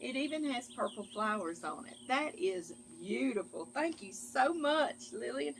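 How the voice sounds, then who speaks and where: A woman's voice: a little high, animated, measured pace, gravelly, a little hiss or hum. A middle-aged woman, chatting affectionately as she reads viewer mail on her channel. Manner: chatty and affectionate, often calls listeners "girl" and "y'all". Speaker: cooking channel host. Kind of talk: casual chat reading viewer mail.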